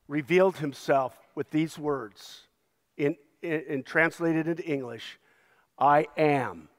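A man's voice: a little high, in a large hall. A male pastor preaching a sermon with an emphatic, repetitive cadence.

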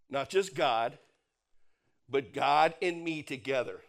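A man preaching a sermon, emphatic, repeating key phrases and dropping his voice low on the punch lines. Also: slow pace, creaky. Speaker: pastor.

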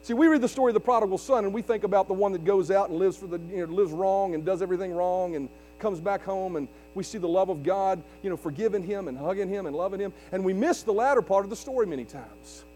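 Delivering a sermon as pastor, a man talks fast with few pauses in a high, mellow voice, building emphasis and calling questions to the congregation. Faint music sits behind him, along with mains hum and the long reverb of a large hall.

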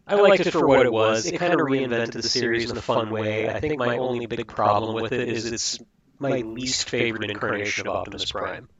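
A man's voice: mid-range voice, brisk, fairly bright tone, lo-fi sound. A man co-hosting a casual podcast chat, giving detailed, opinionated reviews. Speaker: podcast co-host.

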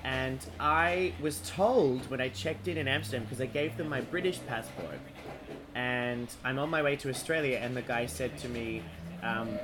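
A man's voice: mid-range voice, moderate pace. A man casually telling a comic travel anecdote on a podcast, laughing often. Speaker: podcast co-host. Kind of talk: casual chat, storytelling. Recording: noticeable background noise.

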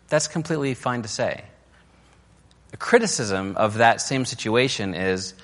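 A man's voice: mid-range voice, normal speed, fairly bright tone. A man giving a casual, conversational sermon on marriage, full of fillers and restarts, sometimes mimicking quoted criticism in a raised, mocking voice. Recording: long hall reverb.

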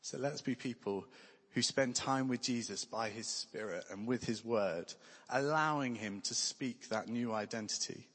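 A man's voice: medium pitch, unhurried, a bit bright, slightly rough. A man preaching a sermon in an earnest, conversational way with touches of light humor. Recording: long hall reverb.

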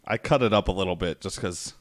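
A man's voice: low voice, fast. A man co-hosting a podcast, chatting casually and reading out favorite movie lines. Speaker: podcast co-host. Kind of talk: casual chat.

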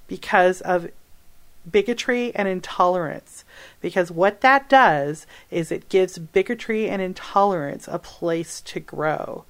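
A woman hosting an advice podcast, answering a listener's question in an animated, emphatic way, laughing and correcting herself as she goes. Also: lowish voice, normal speed.

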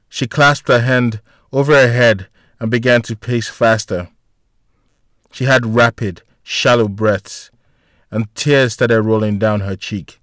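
A man narrating a story in an even, deliberate read-aloud manner. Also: fairly low pitch, no room sound, clean studio sound. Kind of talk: storybook reading.

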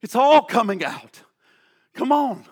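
A male pastor preaching a sermon, slow and drawn out, swinging from hushed tones to shouting, repeating key lines for emphasis. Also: very high voice, expressive, breathy edge.

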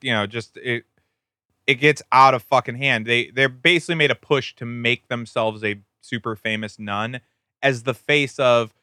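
Brief: male co-host, bright crisp voice, dry close sound, profane and sardonic. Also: medium pitch, dry recording. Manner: profane, mocking. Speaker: podcast co-host. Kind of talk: casual podcast chat.

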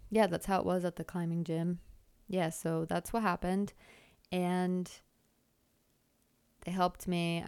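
A woman's voice: low-pitched, vocal fry, a little mellow, clear, resonant tone, no echo. A young woman hosting her own podcast, telling a rambling, chatty story full of fillers and self-deprecating jokes. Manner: lots of filler "like". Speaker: podcast host. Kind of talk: casual storytelling monologue.

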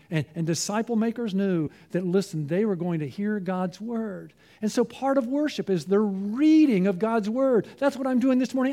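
A man's voice: sits high, warm tone. A man preaching a sermon as pastor, earnest and persuasive, asking his listeners pointed questions.

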